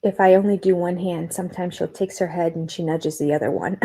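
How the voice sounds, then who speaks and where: Older female host, warm lower voice, casual live-chat commentary, outspoken and laughing. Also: steady tone, brisk, breathy edge. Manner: opinionated, chatty, laughs often. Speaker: reality TV review host. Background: cat nearby.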